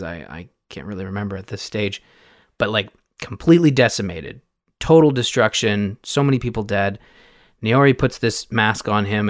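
A man's voice: lowish voice, dry recording, studio quality. A man hosting a podcast, recapping a video game in a loose, rambling way with many fillers and restarts. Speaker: podcast host.

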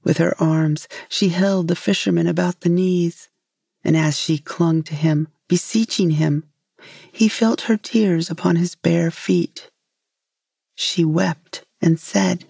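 A woman reading a folk tale aloud in a measured, gentle way. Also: on the low side, steady tone, gravelly, breathy edge, dry recording, clean studio sound. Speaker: storyteller. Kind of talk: storybook reading.

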